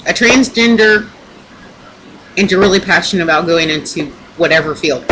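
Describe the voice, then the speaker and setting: A young woman talks straight to her camera at home and swears freely as she rambles through an emphatic pep talk. Her voice sits at an ordinary middle pitch. A clear hiss of background noise runs under the home webcam recording. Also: a bit bright, poor audio. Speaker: vlogger.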